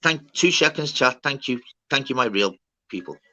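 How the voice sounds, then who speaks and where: Chatty man, bright voice. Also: mid-range voice, expressive, normal speed. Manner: chatty, slangy, loud. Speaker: livestream host. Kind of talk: casual chat on a livestream.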